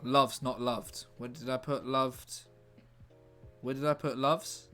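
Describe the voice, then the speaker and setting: A British comedian streams a writing session, rambling and joking casually as he chats to viewers. He speaks slowly with a medium pitch and a steady, sharp tone. Soft music plays in the background.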